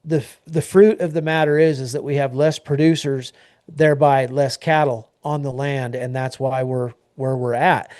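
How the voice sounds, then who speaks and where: A man's voice: mid-range voice, flat delivery, moderate pace, a little mellow, dry recording, studio quality. A man co-hosting an agriculture news talk show, speaking in a plainspoken, rambling way with many fillers and restarts. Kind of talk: casual news discussion.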